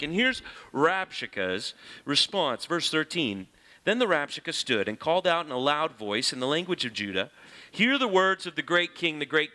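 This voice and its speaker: A man with a voice on the high side teaches through a Bible passage in a lively, conversational way, reading the scripture aloud and explaining it.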